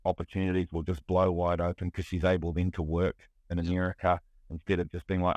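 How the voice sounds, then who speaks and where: Low-voiced New man, candid. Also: completely flat delivery, fast talker, hardly any pauses, darkish tone, no echo, lo-fi sound. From New Zealand. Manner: candid, restless, heavy on fillers and restarts. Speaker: guest, music producer. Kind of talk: casual podcast conversation.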